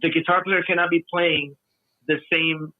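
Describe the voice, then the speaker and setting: A man, a podcast guest, chatting casually in a relaxed way with many restarts. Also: on the high side, moderate pace, no echo. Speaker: podcast guest, musician and video maker. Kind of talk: casual chat. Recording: tinny phone-line sound.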